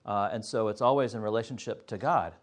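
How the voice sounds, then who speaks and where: This man's voice sits on the low side as he teaches Sunday school. Earnest and frequently pausing, he breaks down the Bible material step by step.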